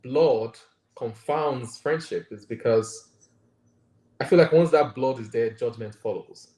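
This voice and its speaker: In a conversational interview recorded with roomy echo, a Nigerian-accented doctor reflects earnestly and keeps asking "right?". He has a warm, medium-pitched voice and a measured pace.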